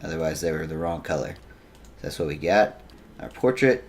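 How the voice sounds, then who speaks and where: A man's voice: a bass voice, expressive, moderate pace, a little hiss or hum. A man giving joking let's play commentary, reading game text aloud with self-mocking asides. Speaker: gaming YouTuber.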